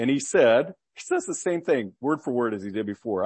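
A man's voice: medium pitch, animated, normal speed, few pauses, darkish tone, breathy edge, dry recording. A man preaching a sermon, reading scripture aloud and explaining it with earnest rhetorical questions.

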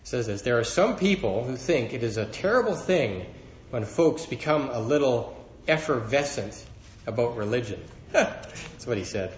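A man's voice: mid-range voice, expressive, moderate pace, few pauses, roomy sound, dull audio, slight background noise. A man preaching a sermon to a congregation, earnest and building emphasis as he quotes scripture. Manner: earnest, rising in emphasis when quoting scripture.

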